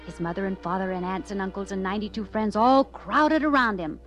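A woman narrating a children's story aloud in an expressive, lively way. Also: mid-range voice, fairly quick, faint music behind.

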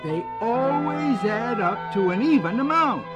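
A man's voice: very high-pitched, lively intonation, a little slow, voice pushed up. A man voicing a small, clever male rabbit who talks in a coaxing, mock-sorrowful way, read as a storybook. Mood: sly. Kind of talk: storybook reading. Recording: music playing behind.

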